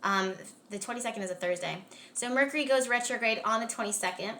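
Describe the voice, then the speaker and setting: A woman hosting a casual live astrology chat on a stream, talking chattily with lots of "like"s, quick laughs and emphatic rants. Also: a little high, sharp tone, a little hiss or hum. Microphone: phone or webcam on a live stream.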